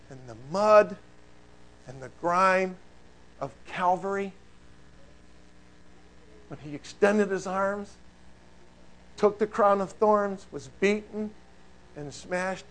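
Male pastor, higher register, emphatic sermon storyteller. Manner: emphatic storytelling preacher, dropping to hushed prayer.

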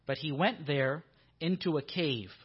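A man's voice: on the high side, unhurried, breathy edge, lo-fi sound. A man preaching a sermon in a church, earnest and given to repeating his questions for emphasis.

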